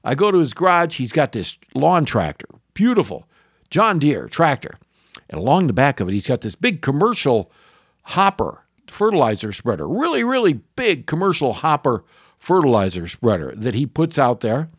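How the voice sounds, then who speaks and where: A middle-aged man tells a story on his podcast in a casual, chatty way. His pitch swings widely and often jumps into high exclamations. The recording is dry and close, with no room sound. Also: normal speed, breathy edge, dry recording. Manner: animated anecdote-telling, jumps into high exclamations. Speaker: podcast host, lawn care professional.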